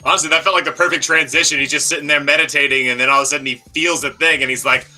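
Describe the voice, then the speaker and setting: A man playing a tabletop roleplaying game who talks in fast, chatty, excitable rambles, often in character. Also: on the high side, soft background music. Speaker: player.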